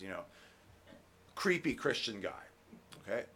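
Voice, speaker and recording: A man preaching a sermon as pastor, emphatic and rising loud on key points, with conversational asides and fillers. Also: deep voice, normal speed, pauses often, slight background noise.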